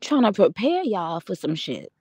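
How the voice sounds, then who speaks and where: Animated woman with gravelly voice. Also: medium pitch, moderate pace, no room sound. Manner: animated, profane, laughing, rambling. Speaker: livestream host. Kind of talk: casual livestream chat. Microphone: audio livestream from home.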